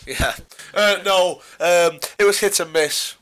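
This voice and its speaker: A man's voice: sits high, slow, a bit bright. A man co-hosting a casual sports podcast, rambling with puns and many fillers. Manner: rambling, punning, filler-heavy. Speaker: podcast co-host.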